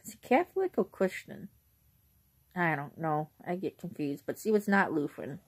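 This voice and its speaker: A young woman vlogging in a casual, rambling way, who often clears her throat. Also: low-pitched, lively intonation, normal speed. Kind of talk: casual chat.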